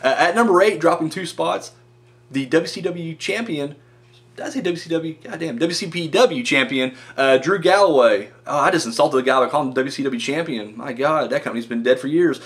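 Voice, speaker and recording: A man's voice: a little high, a little fast, a bit bright. A man hosting a casual wrestling countdown vlog, rambling with frequent fillers and correcting himself as he goes. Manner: casual and joking. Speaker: wrestling review vlogger.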